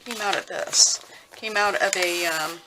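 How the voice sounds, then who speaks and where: A woman talking casually while she works on a craft project at home, rambling and thinking out loud with lots of fillers. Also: on the low side, unhurried. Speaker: crafting vlogger. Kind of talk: casual craft tutorial chat. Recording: noisy with clicking sounds.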